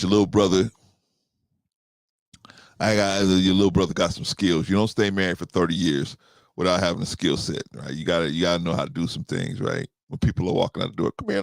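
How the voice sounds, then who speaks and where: A man's voice: low voice, creaky, no echo. A man of about fifty hosting a casual podcast, talking straight to his listeners, repeating himself and often asking "right?". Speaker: podcast host.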